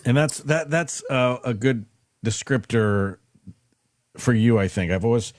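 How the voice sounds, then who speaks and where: A man's voice: mid-range voice, animated, a little slow, dry recording. A man hosting a casual interview, reflective and searching for his words, often restarting sentences. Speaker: podcast host.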